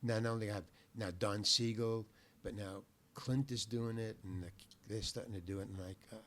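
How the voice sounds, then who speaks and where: An older man, a podcast guest, telling a long anecdote in an animated, profane, self-deprecating way. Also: lowish voice, normal speed. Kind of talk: anecdotal storytelling in a podcast interview.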